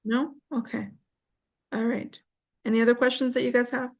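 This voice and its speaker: A woman's voice: a little high, flat delivery, moderate pace, vocal fry. A woman teaching an English class online, patiently explaining pronunciation with frequent fillers and encouragement.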